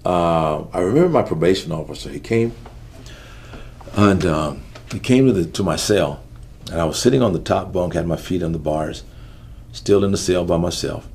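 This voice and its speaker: A middle-aged man with a deep, gravelly voice tells his life story in an interview. He talks in an earnest, halting way and sinks quieter when the memories weigh on him. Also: a little hiss or hum. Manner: earnest, halting storytelling that drops soft at heavy moments. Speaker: interview guest. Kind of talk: personal testimony in an interview.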